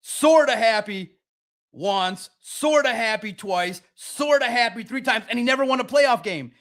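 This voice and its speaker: A man's voice: extremely high pitch, lively intonation, unhurried, a bit bright. A man hosting a sports podcast, ranting in an emphatic, repetitive and mocking way. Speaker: podcast host. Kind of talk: heated sports podcast rant.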